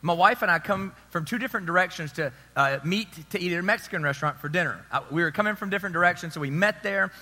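Male pastor, 30s: bright, high-pitched, chatty storytelling sermon, echoey church hall. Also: quick pace, few pauses. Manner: storytelling, conversational, asks the crowd for agreement. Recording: long hall reverb.

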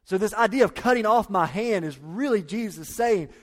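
A man preaching a sermon, emphatic, repeating key phrases and dropping to quiet low lines. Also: lively intonation, moderate pace. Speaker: pastor.

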